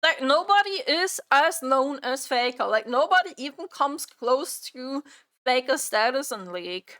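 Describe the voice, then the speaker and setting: Woman streamer ranting to chat, keeps repeating herself, fairly high voice. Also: lively intonation, unhurried, pushed and bright. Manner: exasperated, repeats her own phrases. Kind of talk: live stream reaction chat.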